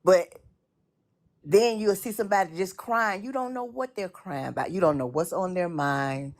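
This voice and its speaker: Low-voiced woman talking in loose rambles. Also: moderate pace. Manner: rambling, repeats words, many fillers. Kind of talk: casual conversation about church experiences.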